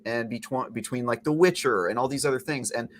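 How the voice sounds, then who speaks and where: Man, podcast host, mid-pitched voice, emphatic, opinionated, casual chat. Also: brisk, slight background noise. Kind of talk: casual panel discussion.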